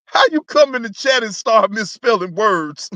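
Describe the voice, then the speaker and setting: A reaction channel host gives casual commentary at a moderate pace with a medium-pitched voice and no echo. He laughs often, teases viewers in the chat, and repeats words in excited bursts.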